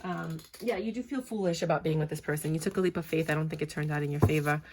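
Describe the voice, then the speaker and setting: A woman's voice: deep voice, quick pace, darkish tone, a little hiss or hum. A woman giving a casual, chatty tarot reading, talking straight to her viewers with emphatic, cheerleader-like speech. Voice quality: speech she calls cheerleader-like. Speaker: tarot reader.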